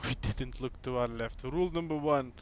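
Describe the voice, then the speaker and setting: Running cockpit checks during a flight simulator stream, a native Dutch speaker chats casually and thinks aloud. His voice sits in the mid range at a normal speed, and there's slight noise in the background. The talk is laid-back gameplay commentary.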